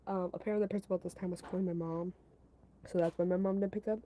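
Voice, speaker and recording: Rambling, mellow-voiced woman telling a story. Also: on the low side, fairly even intonation, racing, slight background noise, rough recording. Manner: rambling, filler-heavy, repeats herself, giggles; talks to her chat between story parts. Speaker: storytelling streamer. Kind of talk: casual storytime chat.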